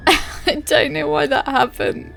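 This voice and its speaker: A woman streams an online game and reads the quest text out loud, laughing easily as she talks. Her voice sits a little high, and faint game music plays under her. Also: fairly even intonation, takes it slowly, gravelly. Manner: giggly, chatty. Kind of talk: reading quest text and chatting with viewers.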